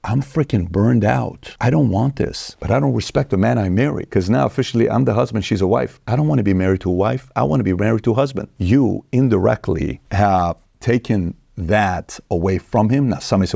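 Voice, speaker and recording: A man's voice: fairly low pitch, gravelly, warm tone, dry recording, clean studio sound. Emphatic preachy male commentator. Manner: emphatic, preachy, quick asides. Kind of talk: motivational podcast talk.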